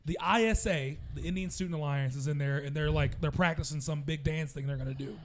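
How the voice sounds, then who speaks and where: A man from the American South co-hosting a podcast, telling stories in a relaxed, laid-back way. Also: fairly high pitch, fast, slight background noise. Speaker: podcast co-host. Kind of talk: casual chat, storytelling.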